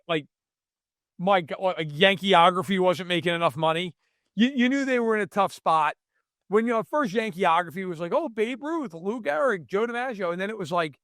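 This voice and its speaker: A man's voice: high voice, expressive, normal speed, a bit bright, no room sound, studio quality. A man co-hosting a podcast, ranting in mock outrage over sports in casual chat. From New York state. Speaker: podcast co-host.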